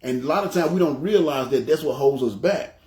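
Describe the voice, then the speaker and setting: A man's voice: a little high, fairly quick, dark tone. A man preaching a casual, conversational sermon, loose and repetitive, who often checks in with his listeners. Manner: loose, repetitive, often asks "you know what I'm saying". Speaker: pastor. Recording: echoey room.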